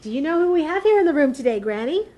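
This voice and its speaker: A woman co-presenter plays straight person in a classroom skit. She asks teasing questions in a high, lively voice. Her pitch rises and falls with animation. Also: fast, highs cut off. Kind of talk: playful skit with a puppet-style character.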